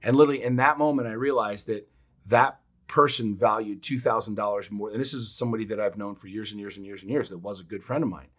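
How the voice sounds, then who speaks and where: A man co-hosting a podcast, giving casual motivational talk in an emphatic way, swearing freely and acting out quotes with sudden loud jumps. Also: fairly low pitch, fast. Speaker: podcast co-host.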